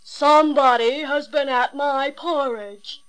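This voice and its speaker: A woman voicing a big gruff father bear in a storybook reading, rough and stern. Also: high voice, steady tone, slow, a bit bright, voice pushed up, low-quality recording. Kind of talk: storybook read-aloud.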